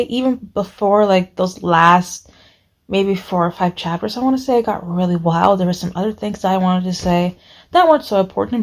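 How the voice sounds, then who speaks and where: A woman making a casual reading vlog, talking through a book in a rambling, emotional way with lots of fillers. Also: medium pitch. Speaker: book vlogger.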